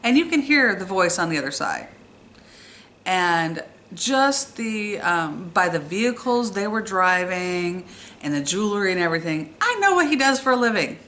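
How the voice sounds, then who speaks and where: A young woman telling a true story from her own life in a casual, animated and exasperated way. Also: fairly low pitch, moderate pace, slight background noise. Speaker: storytime vlogger.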